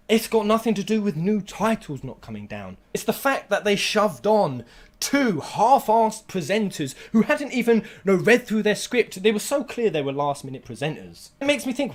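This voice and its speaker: A man in full rant mode, swearing freely as his fury builds. His voice sits a bit high for a man and swings widely in pitch. He flares into near-shouts, then drops back to bitter muttering. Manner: heated and sweary, with bursts of shouting. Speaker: gaming vlogger. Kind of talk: angry rant to camera.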